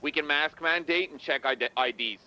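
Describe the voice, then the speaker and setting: Bright, stammering man in cop role-play. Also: on the high side, fairly quick, rough recording. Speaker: player as a police officer in role-play. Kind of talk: in-character role-play chat.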